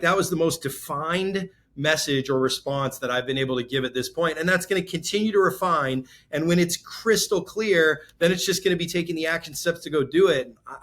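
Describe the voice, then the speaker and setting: A man's voice: a little high, fairly bright tone. A man in his forties, a real estate entrepreneur, talking candidly and emotionally in a podcast interview, rambling with many restarts. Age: 40s.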